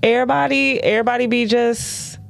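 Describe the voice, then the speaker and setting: A woman co-hosting a podcast, chatting casually, animated and laughing often, acting out other people's voices. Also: a little high, brisk, creaky, no echo. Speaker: podcast co-host. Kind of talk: casual chat.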